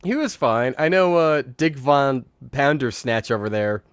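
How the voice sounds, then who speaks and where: Male host, casual live movie chat, mid pitch, rambling, profane, dry close sound. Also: expressive, measured pace, clean tone, no room sound. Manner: rambling, profane, acts out lines from scenes. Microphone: remote streaming mic.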